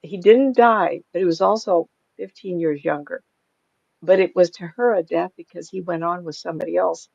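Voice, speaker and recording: A woman's voice: lowish voice, steady tone, brisk, creaky, darkish tone, breathy edge, no room sound, dull audio. An older woman, a psychic medium, chatting casually in an interview, rambling through stories and laughing often.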